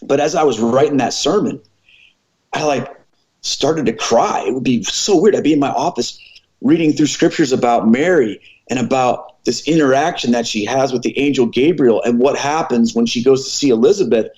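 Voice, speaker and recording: Podcast guest, 40s man, earnest and animated, acts out the dialogue, average pitch, muffled audio. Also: normal speed. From American Midwest. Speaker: former pastor, podcast guest. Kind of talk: storytelling in a conversational interview.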